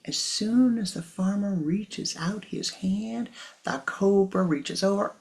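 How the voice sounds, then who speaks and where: A man teaching meditation and telling a parable in a slow, hushed, often whispery manner. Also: sits high, creaky, a little hiss or hum. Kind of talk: spiritual teaching and storytelling.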